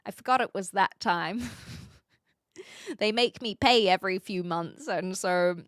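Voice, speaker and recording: A woman's voice: medium pitch, a little slow, no echo. A woman from New Zealand with a Kiwi accent, chatting casually with viewers on a live stream, upfront and laughing often.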